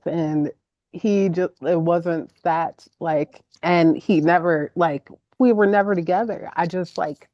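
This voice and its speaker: A woman's voice: fairly low pitch, warm tone, no room sound, lo-fi sound. A woman guest in a casual conversation, speaking candidly and filling her speech with "like". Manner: candid, says "like" a lot.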